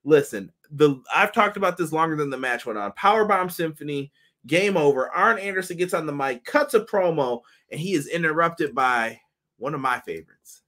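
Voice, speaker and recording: A man with a slightly raised voice chats casually about wrestling as a show host. His pitch swings up and down a lot, and he jokes loosely in slang. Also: normal speed. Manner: animated, joking, slangy. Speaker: podcast host. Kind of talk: casual wrestling review chat.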